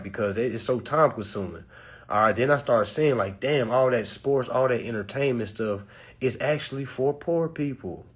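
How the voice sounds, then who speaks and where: A man talking casually to his live-stream viewers, animated and preachy, full of slang, swinging between loud and soft. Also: medium pitch, husky. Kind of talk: casual motivational talk to viewers.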